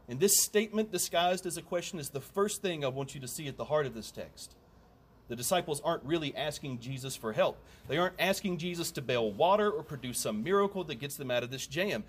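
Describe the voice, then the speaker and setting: A man's voice: a little high, expressive, a little fast, husky. A man preaching a sermon in a conversational way, with humorous asides and emphatic repetition.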